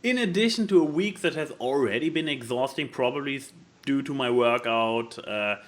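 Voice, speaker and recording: A man co-hosting a casual podcast, talking in an animated, rambling way and laughing often. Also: mid-range voice, normal speed. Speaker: podcast co-host. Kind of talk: casual chat.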